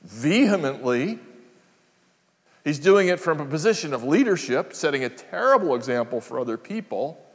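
A man's voice: a little high, very animated, normal speed. An older man preaching a sermon, earnest and reflective, often repeating his phrases. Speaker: pastor. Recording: long hall reverb.

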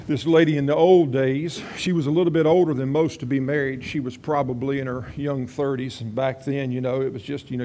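A male pastor delivering a sermon in a relaxed, folksy manner, drifting into asides as he tells a story. His voice sits in an ordinary middle pitch. A faint hiss of background noise runs under the recording. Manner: folksy, conversational, rambling asides.

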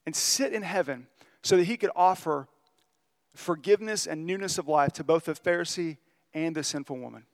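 A man preaches in a relaxed, conversational way, his voice sitting a little higher than most men's. He is earnest and confessional in tone, and he slows down to lean on the key lines of a story. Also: vocal fry. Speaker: pastor. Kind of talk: conversational sermon.

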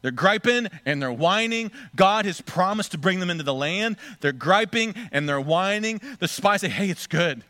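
A man's voice: sits high, expressive, moderate pace, few pauses, pushed and bright, no room sound. A man preaching a sermon, acting out the scripture voices dramatically. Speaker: pastor.

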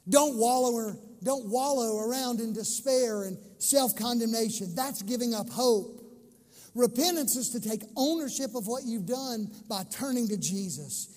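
A male pastor preaching an impassioned sermon to his church, stretching key phrases slowly for emphasis. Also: extremely high pitch, darkish tone, big-room sound.

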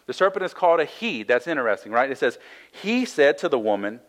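Quick-paced and very animated, a medium-pitched man teaches from the Bible over poor audio. The pastor reads verses aloud and unpacks each one in chatty sermon style, sprinkling in frequent "right?" asides.

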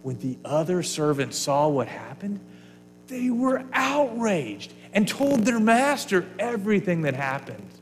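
A man's voice: sits high, sing-song, measured pace, long reverb tail, slight background noise. A man preaching a sermon to his congregation, earnest and varied, sometimes falling to a near whisper. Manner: earnest, varies loudness, drops to a whisper at times. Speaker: pastor.

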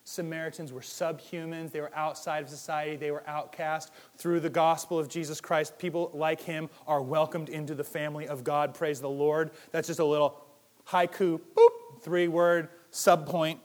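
A man preaching a sermon in a lively, conversational way, firing rhetorical questions and swinging between loud and hushed. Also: fairly high pitch, normal speed. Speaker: pastor.

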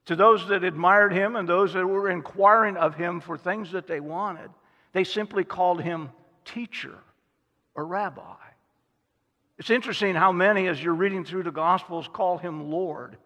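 A man's voice: high-pitched, normal speed, bright, forceful tone, in a large hall. A man preaching a sermon as a pastor, telling stories and acting out the voices of the people he quotes. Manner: storytelling, acts out quoted voices.

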